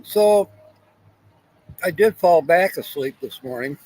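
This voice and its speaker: A man's voice: a little high, expressive, slow pace, a little mellow, husky, poor audio. Chatty man hosting a morning livestream. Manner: rambling, greets viewers by name, pirate greeting; talks while eating. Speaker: livestream host. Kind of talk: casual live chat.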